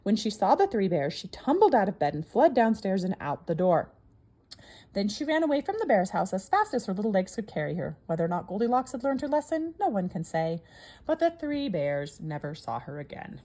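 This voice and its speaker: A woman reading a children's story aloud in an expressive, sing-song storybook manner. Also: medium pitch, fairly quick.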